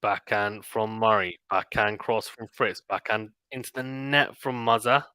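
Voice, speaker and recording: A man giving live play-by-play tennis commentary on a stream, calling the shots quickly and dropping into quiet chatty asides between points. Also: lowish voice, fairly even intonation, smooth, no room sound. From Britain. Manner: rapid calls of the rally mixed with quiet chatty asides.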